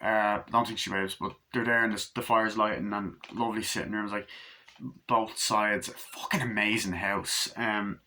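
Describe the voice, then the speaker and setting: A man's voice: on the low side, level tone, normal speed, bright, forceful tone, a little hiss or hum. A man talking through a film review in a loose, rambling way, gushing and swearing a lot. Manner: rambling, enthusiastic, heavy swearing. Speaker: movie reviewer. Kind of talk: casual film review monologue.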